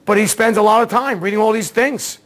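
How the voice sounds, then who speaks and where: A man teaching an automotive diagnostics seminar, telling a case story in a casual, excitable way and acting out the dialogue. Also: high voice, a little fast. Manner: casual slangy talk, repeats words. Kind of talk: seminar lecture.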